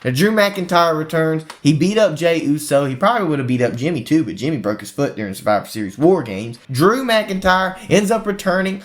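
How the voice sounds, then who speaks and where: Animated man recapping wrestling storylines. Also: on the high side. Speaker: wrestling podcast host. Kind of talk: casual prediction chat.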